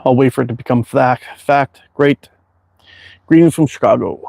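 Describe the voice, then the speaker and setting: A man's voice: mid-range voice, moderate pace, gravelly, a little mellow, no echo. A man hosting a casual livestream from his backyard, reading viewer chat in an easygoing, rambling way with plenty of fillers. He sounds tired and worn out. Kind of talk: casual live chat while target shooting.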